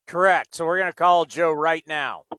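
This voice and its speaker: A man's voice: a little high, normal speed, fairly bright tone, no echo. A man in his fifties hosting a sports radio show, talking earnestly with emphatic repeats. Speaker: radio host. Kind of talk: casual radio chat.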